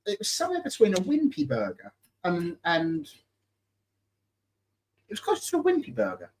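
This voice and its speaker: A man's voice: high voice, huge pitch swings, moderate pace. A man in his thirties co-hosting a casual live-stream chat, playful and teasing. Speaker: co-host.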